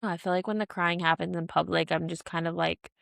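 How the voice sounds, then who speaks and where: A woman in her thirties tells a story in animated, frank chat on a podcast. Her voice carries a gravelly edge. It sounds dry and close, with no room around it. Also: fairly low pitch, fairly quick, dry recording. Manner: animated storytelling with swearing and acted-out quotes. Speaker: podcast co-host. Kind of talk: casual chat.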